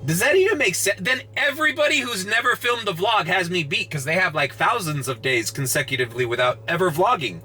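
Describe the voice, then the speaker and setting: Parked at a night-time charging station in the early morning, a sleep-deprived rideshare driver vents sarcastically to his camera, cursing freely. His voice is high-pitched, bright, forceful and husky, with lively intonation, fairly quick delivery and few pauses.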